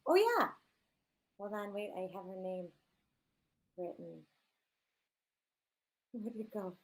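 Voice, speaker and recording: Woman taking roll call, brisk. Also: mid-range voice, big pitch swings. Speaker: meeting secretary.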